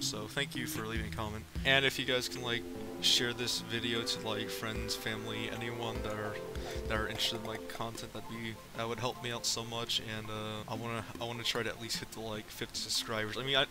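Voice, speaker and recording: Male gaming host, mid-pitched, rambling casual outro, loud music bed underneath. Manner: rambling, hesitant, many fillers.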